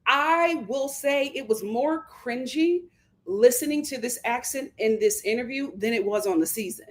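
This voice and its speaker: A young woman with a fairly high voice hosts her own reality TV commentary. She talks in an animated, indignant way and often laughs, jumping up in pitch when she quotes her own reactions. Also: normal speed. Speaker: commentary channel host.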